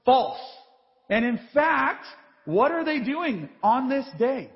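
A man's voice: extremely high pitch, takes it slowly. A man preaching a sermon in a large church, reading scripture aloud and acting out the voices in the story. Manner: animated, reads scripture then acts out voices. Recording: dull live church feed with long reverb.

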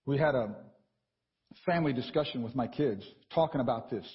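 A man preaching a sermon in a church, animated and conversational, often checking in with the congregation. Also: medium pitch, a little fast, big-room sound, lo-fi sound. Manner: animated and conversational, with frequent "right?" asides.

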